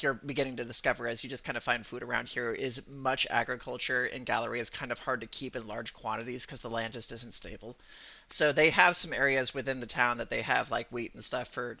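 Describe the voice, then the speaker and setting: A man narrating as game master of a streamed tabletop game, laughing often and halting on fillers as he narrates. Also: medium pitch, fairly even intonation, gravelly, bright, forceful tone, no echo, highs cut off. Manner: giggly, halting with many fillers.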